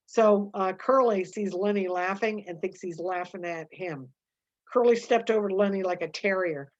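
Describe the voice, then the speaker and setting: A woman reading a novel aloud with her own comments, halting, with frequent fillers and self-corrections. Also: medium pitch, muffled recording. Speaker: reader.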